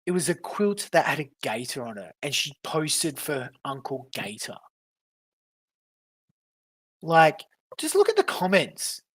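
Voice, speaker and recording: A woman talks on a casual reaction stream in a slow, husky voice that leaps up and down in pitch. She rants with angry profanity, irate and exasperated. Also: wildly swooping pitch. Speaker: livestreamer.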